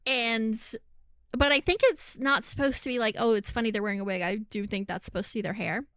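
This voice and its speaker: A woman co-hosting a podcast, chatting casually about a film, animated, laughing often and swearing freely. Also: on the high side, fairly quick, clear, resonant tone, dry recording. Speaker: podcast co-host. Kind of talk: casual film review chat.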